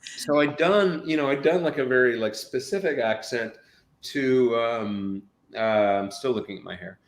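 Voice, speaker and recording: A man's voice: medium pitch, moderate pace. Man, interview guest, casual chat, rambling, lots of fillers, roomy echo. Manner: chatty, rambling with many fillers and restarts. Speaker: actor guest.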